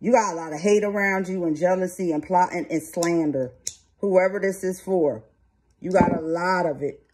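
A woman's voice: on the low side, moderate pace, darkish tone, slightly rough. Blunt, streetwise woman tarot reader. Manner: blunt, streetwise, swears freely. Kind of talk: tarot reading and card commentary.

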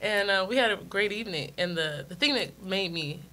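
A woman from Los Angeles, a guest on an interview show, telling a story casually and quoting others in a raised, animated voice. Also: mid-range voice, fairly quick. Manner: animated, quotes people in a raised voice, laughs often.

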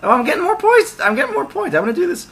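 A man giving casual let's play commentary, excitable, with loud outbursts and laughter. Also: very high voice, racing, creaky.

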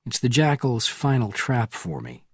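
A man reading an audiobook, voicing a controlled male spy who speaks quietly and curtly. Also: big pitch swings, a little slow, slightly rough, no room sound, clean studio sound. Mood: firm. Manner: quiet, low and clipped.

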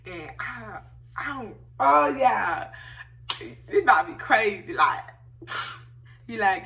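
Young woman vlog host; animated, slangy, teasing delivery straight to camera. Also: mid-range voice, moderate pace, creaky. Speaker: vlogger host. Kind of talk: casual chat to camera.

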